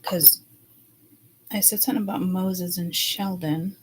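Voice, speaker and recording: A woman's voice: on the low side, steady tone, measured pace, breathy edge, rough recording. A middle-aged woman doing a casual, rambling tarot reading, chatty and blunt, swearing freely as she talks. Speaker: psychic tarot reader.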